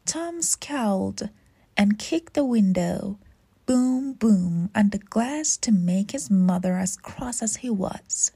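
A woman's voice: medium pitch, expressive, slow pace, vocal fry, dark tone, breathy edge. A woman reading a children's story aloud expressively, with playful sound words.

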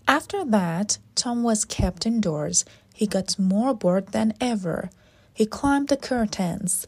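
Slow, husky woman reading a children's story. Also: mid-range voice. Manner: expressive, with playful sound words.

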